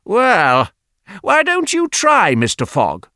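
A man reading the part of a sceptical gentleman, questioning in a raised, doubtful voice. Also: a little high, wildly swooping pitch, slow pace, dry recording, clean studio sound, voice pushed up, full character voice. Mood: doubtful, challenging. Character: doubting, argumentative gentleman at a club table. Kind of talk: audiobook character reading.

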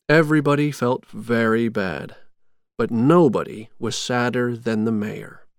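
A man reading a storybook chapter aloud in a slow, measured, clear way. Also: medium pitch, dry recording, clean studio sound. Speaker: narrator.

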